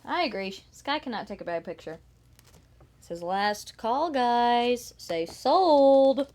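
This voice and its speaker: A woman's voice: fairly high pitch, expressive, takes it slowly, a little mellow. A woman hosting a live sales stream, bubbly and teasing, laughing often. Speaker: host selling signed merchandise.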